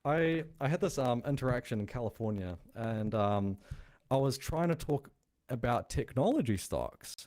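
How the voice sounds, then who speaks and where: On his crypto show, a male host with a noticeable non-American accent talks through a topic in casual explainer style. He is blunt and chatty and thinks aloud, speaking at a moderate pace in an expressive, medium-pitched, slightly mellow voice.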